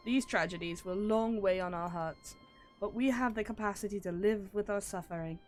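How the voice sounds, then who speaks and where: A woman reading the lines of a composed village elder from a game, measured and solemn. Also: mid-range voice, soft background music, lightly acted.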